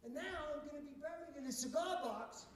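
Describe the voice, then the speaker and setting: A high-voiced man doing stand-up with wry, self-deprecating punchlines. He is recorded from a distance in a very echoey room with faint noise behind him. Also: fast. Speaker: stand-up comedian. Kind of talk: stand-up set. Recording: echoey room, far from the mic.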